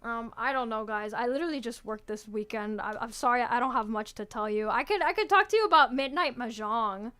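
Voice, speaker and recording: A young adult woman streaming as a VTuber, chatting casually in a rambling, excitable way full of fillers and restarts. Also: fairly high pitch, fairly quick, hardly any pauses, smooth. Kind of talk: casual livestream chat.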